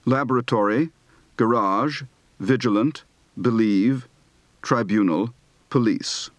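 Male speech coach, unhurried and exacting, clipped vowels. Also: mid-range voice, animated, dry recording. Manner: precise, deliberate, over-enunciated. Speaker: speech teacher. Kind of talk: slow accent drill, reading word lists.

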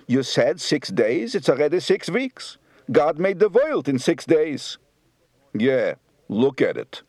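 A man's voice: fairly high pitch, big pitch swings, slow pace, darkish tone, no room sound, studio quality, pitched above the performer's own voice, full character voice. A man doing a sing-song Yiddish-accented older man. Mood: kvetching. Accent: Polish Yiddish. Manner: sing-song, rising and falling intonation. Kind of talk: accent demonstration.

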